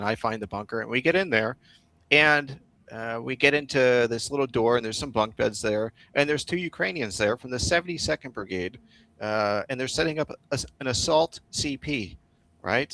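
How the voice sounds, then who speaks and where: A man, a volunteer soldier, telling war stories in a blunt, profane, wryly dark-humored way on a casual stream. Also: mid-range voice. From United States. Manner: profane, blunt, heavy swearing. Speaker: guest, foreign volunteer soldier.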